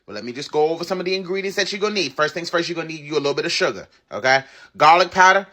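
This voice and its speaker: A man talks viewers through his recipe in a bright, forceful voice set a little high. He keeps it emphatic and playful, repeating himself and teasing his audience. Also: expressive, racing. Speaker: home cook, channel host. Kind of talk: casual cooking tutorial.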